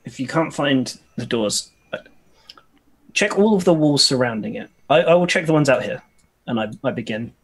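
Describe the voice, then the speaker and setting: Gravelly, husky player giving orders. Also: mid-range voice, animated, moderate pace. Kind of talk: casual tabletop game play.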